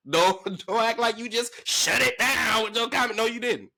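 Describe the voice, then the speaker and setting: A man ranting to camera in a sports vlog, emphatic and slangy, his pitch jumping up when he gets worked up. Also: fairly quick, gravelly, hardly any pauses, pushed and bright. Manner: emphatic, slangy, calling the listener "bruh" and "big dog". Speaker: sports vlogger.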